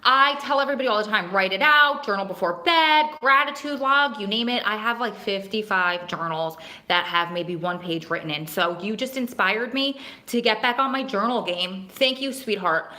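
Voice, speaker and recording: A woman's voice: mid-range voice, normal speed, hardly any pauses, sharp tone. A young adult woman hosting a casual livestream, chatting emotionally and gushing thanks to her viewers. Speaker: host of a livestream for prison families. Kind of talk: casual live chat, reading viewer comments. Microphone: phone.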